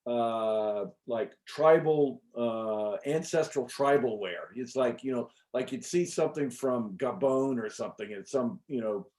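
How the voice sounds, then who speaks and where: A middle-aged man, an interview guest, telling a personal story in a casual, animated way with many fillers and the odd swear word. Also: mid-range voice, a little slow, few pauses. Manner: animated, chatty, frequent fillers and restarts. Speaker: interview guest recounting an experience.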